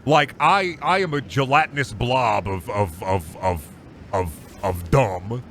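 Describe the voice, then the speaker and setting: Guy streaming games, rambly and goofy, bright edgy voice, a bit low. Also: expressive, takes it slowly, a little hiss or hum. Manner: rambling, self-deprecating and silly. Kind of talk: casual chat while gaming.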